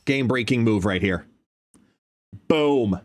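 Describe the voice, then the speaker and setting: A man live-streaming a card game from home, chatting casually and excitably, at times talking to his dog. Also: mid-range voice, takes it slowly. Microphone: desk microphone with noise canceling.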